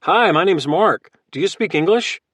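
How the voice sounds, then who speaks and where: A man voicing a calm, calculating former Marine who talks in a friendly, easygoing way. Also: mid-range voice, brisk, no room sound. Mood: casual. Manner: casual and friendly, turning hard.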